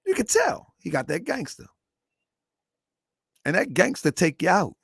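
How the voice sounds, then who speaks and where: A man's voice: fairly high pitch, a little fast, creaky, long pauses, slightly rough, dry recording, studio quality. A middle-aged man hosting a show, talking in casual, rambling commentary that keeps circling back and repeating itself. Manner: animated, rambling, repeats himself, bursts of laughter. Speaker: show host.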